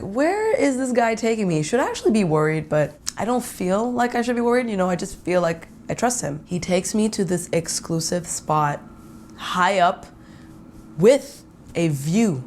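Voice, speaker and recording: Giggly young woman telling a story. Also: on the low side. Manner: animated and giggly, laughing often. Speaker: podcast host. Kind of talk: first-person storytelling.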